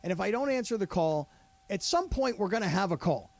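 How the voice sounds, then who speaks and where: Male radio co-host, animated storyteller, high and swooping delivery. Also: brisk. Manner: animated storytelling, quotes others in voices. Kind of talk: casual sports radio banter.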